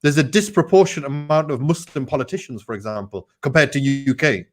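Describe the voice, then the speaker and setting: A man's voice: medium pitch, brisk. A man in a casual panel chat, talking conversationally and teasing the others. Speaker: panel guest.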